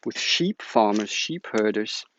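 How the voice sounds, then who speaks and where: A man's voice: lowish voice, animated, unhurried, a bit bright, a little hiss or hum. A man, hosting an agroforestry channel and giving a chatty, enthusiastic announcement to viewers. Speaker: agroforestry teacher, channel host. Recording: dull lo-fi dry recording.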